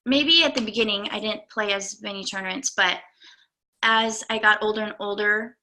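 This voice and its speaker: A young adult woman, a golf coach, giving an earnest, halting talk to her students with many pauses and fillers. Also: medium pitch, steady tone, pushed and bright. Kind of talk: speech to students.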